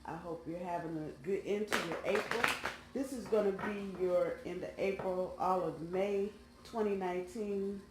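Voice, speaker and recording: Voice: mid-range voice, normal speed, background noise. A tarot reader chatting casually and colloquially to viewers while laying out cards. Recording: roomy sound, faint background music.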